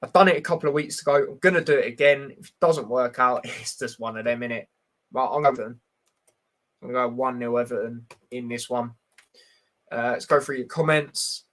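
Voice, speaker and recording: A man's voice: mid-range voice, fairly quick, a bit bright. A man hosting a casual football prediction live stream, talking bluntly and reading out chat, with lots of fillers. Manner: chatty and blunt, full of fillers, answering chat directly.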